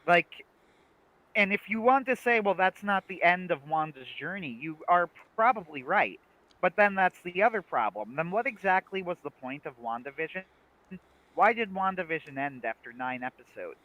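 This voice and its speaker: A young man casually chatting on a livestream about a TV series, animated, laughing often and restarting his sentences. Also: sits high, normal speed, lo-fi sound. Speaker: livestream co-host.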